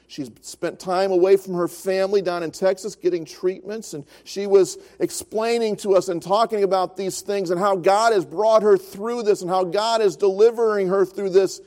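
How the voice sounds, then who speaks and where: High-voiced, mellow preaching man in his fifties. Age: 50s. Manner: earnest preaching, swelling louder then dropping soft. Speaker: pastor. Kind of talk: sermon.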